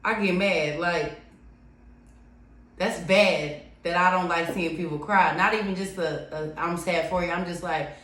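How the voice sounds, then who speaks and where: A woman's voice: fairly low pitch, steady tone, unhurried, a bit bright. A woman co-hosting a podcast in casual chat, candid and profane about her feelings. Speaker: podcast co-host. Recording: echoey room.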